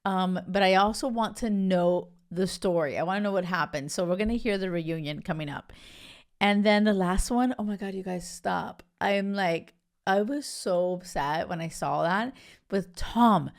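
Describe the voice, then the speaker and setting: A woman's voice: mid-range voice, normal speed. A young woman hosting a podcast, chatting casually and gushing, full of "like" and "you guys". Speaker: podcast host. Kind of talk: casual chat reviewing a reality show.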